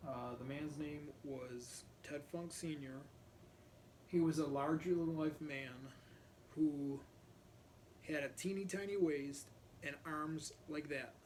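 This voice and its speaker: A man casually telling a rambling neighborhood story, often clearing his throat as he talks. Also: a little high, fairly even intonation, takes it slowly, a little mellow, slight background noise.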